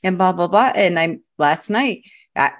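A woman with a notably low voice speaks as a guest on a podcast. She tells stories in an animated, chatty way, often restarting her sentences as she goes. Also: unhurried. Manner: animated storyteller, frequent restarts. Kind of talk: casual interview chat.

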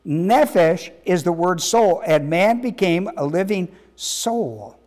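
A man's voice: high voice, expressive, takes it slowly, darkish tone. A man, a pastor, teaching a sermon in an emphatic way, repeating words and putting questions to his listeners.

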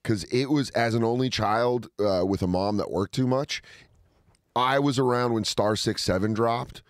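A man guest on a podcast, chatting casually and telling profane stories, often breaking into loud, high-pitched impressions. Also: normal speed, no echo, studio quality. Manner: profane, laughs through his stories.

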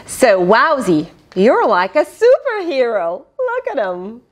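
A woman's voice: a little high, huge pitch swings, takes it slowly. A woman reading a children's picture book aloud, exclaiming and asking the young listener questions between passages. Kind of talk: children's read-aloud with asides.

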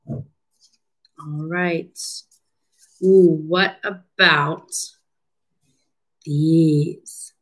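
A woman's voice: fairly low pitch, drawn-out words, long pauses, low-quality recording. A woman speech clinician leading a children's lesson, drawing out words in an encouraging, sing-song teacher voice. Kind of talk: children's syllable-clapping lesson.

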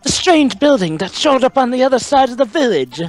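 A man's voice: very high voice, sing-song, a little fast, pitched above the performer's own voice. A man voicing a wary village elder from a video game in an earnest, ominous tone. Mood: uneasy.

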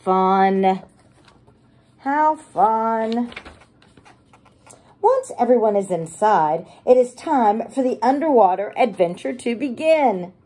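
A preschool teacher reading a picture book aloud to young children, animated and gushing as she talks to them. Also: a little high, slow, pauses often.

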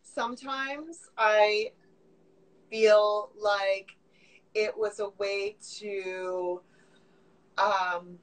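A woman's voice: mid-range voice, steady tone, drawn-out words, pauses often, poor audio. A woman from Canada hosting a livestream chat show, talking casually and laughing often on a video call. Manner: chatty and laughing, with many "like"s. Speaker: host.

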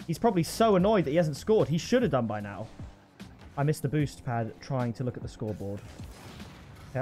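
An excitable young man talks through his own match as he plays, his slightly high voice swinging up and down in pitch. He breaks into loud shouts at big moments, over faint background music. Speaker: gaming channel host. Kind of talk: live gameplay commentary.

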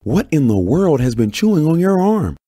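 Man doing a bossy scolding woman, bellowing, lively, dry sound. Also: moderate pace, slightly rough, dry recording. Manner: bellowing, raised high voice.

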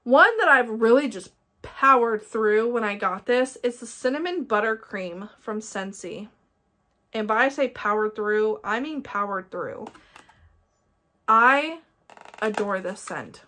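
A woman's voice: on the high side, animated, unhurried, sharp tone. A young woman with an Ohio accent, chatting casually and enthusiastically as she reviews scented wax melts. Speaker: candle collector vlogger. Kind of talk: casual product review chat.

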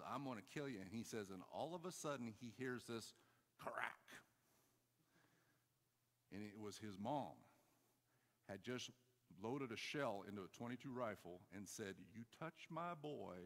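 A man preaching to his congregation in a church hall with a long ringing reverb. He tells a story with energy, swinging from loud exhortation down to soft, half-muttered asides, his pitch sitting in an everyday middle range. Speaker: pastor. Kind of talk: sermon.

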